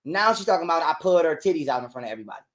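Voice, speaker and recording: A man's voice: a little high, animated, a bit bright. A man, a guest on a call, telling a heated personal story in street slang and swearing a lot. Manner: heated, profane, talks fast in street slang.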